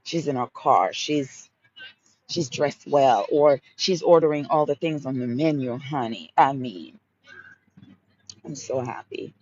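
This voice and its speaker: With a rumbling low, darkish voice and lively intonation, a Haitian-accented woman speaks slowly over dull audio carrying a little hiss or hum. She hosts a live motivational Q&A, emphatically repeating affirming mantras and calling listeners honey and baby.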